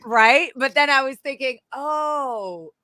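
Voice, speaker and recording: A woman's voice: fairly high pitch, moderate pace, a crowd in the background. A woman guest telling candid stories in conversation, swearing freely and acting out other people's voices. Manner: animated, profane, acts out quoted voices.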